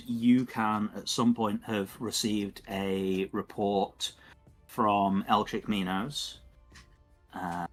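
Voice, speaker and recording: A man running a tabletop game as game master, narrating in a meandering way and searching for words. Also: lowish voice.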